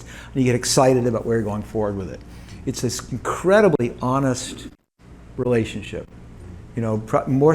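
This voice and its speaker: A man in his sixties, a company co-founder, telling a story as a guest, lively and animated and often restarting his sentences. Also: mid-range voice, slight background noise. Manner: animated, quotes others in lively voices, frequent restarts. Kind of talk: conversational storytelling on stage. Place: event room with audience.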